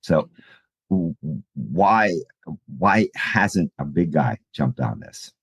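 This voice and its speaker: A man with a very deep voice hosts the interview. He builds his questions in a stop-start way and repeats words. The sound is dry and close, with no room echo. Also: big pitch swings, gravelly, breathy edge. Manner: halting, repeats words while forming questions. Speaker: podcast host.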